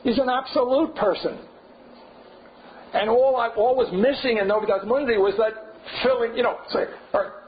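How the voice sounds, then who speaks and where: Thinking out loud and drifting between topics, an older man runs an informal seminar lecture, regularly asking a rhetorical "right?". His high-pitched voice is expressive and moderately paced. It's a dull lo-fi classroom recording with a little hiss or hum.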